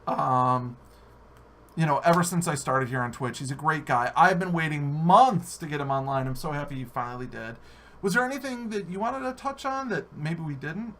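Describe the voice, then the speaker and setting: An American man hosting a live-stream podcast, animated and jokey, swearing freely. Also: fairly high pitch, moderate pace, slight background noise. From United States. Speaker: podcast host. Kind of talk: casual live-stream chat.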